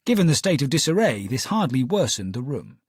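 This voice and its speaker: A man narrating a story in a measured, expressive way. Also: medium pitch, slightly rough, dry recording, clean studio sound. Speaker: audiobook narrator. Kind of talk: scripted narration.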